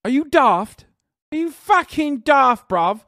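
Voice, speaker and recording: A brash British bloke, put on by a man, jeers in a swaggering, sweary way. The voice is pushed higher and louder than the man's own. The recording is dry and close. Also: big pitch swings, takes it slowly, dry recording, heavily acted. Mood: mocking. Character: mocking loud British bloke, man, young adult.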